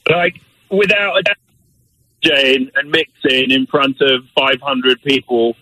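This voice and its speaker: A man's voice: mid-range voice, fairly even intonation, a little slow, bright, forceful tone. A man calling in to a radio show over the phone, cheerful and eager. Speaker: caller. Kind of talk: call-in chat. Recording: noisy cell phone line.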